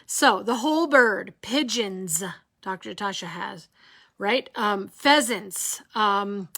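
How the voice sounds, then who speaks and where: A woman teaching a live online cooking lesson in an animated way. She asks rhetorical questions, keeps checking in with her audience and jokes with them. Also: medium pitch, slow pace, creaky.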